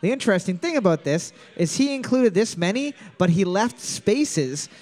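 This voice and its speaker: A man with a high voice hosts a casual trivia night. He reads each question twice and keeps the banter going with jokes and laughs between rounds. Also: very animated, moderate pace, a little mellow. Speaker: trivia quiz host.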